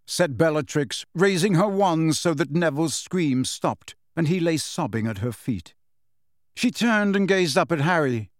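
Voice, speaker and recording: A man narrating an audiobook in an expressive, dramatic storytelling style. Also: a little high, normal speed, no echo, studio quality. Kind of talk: scripted narration.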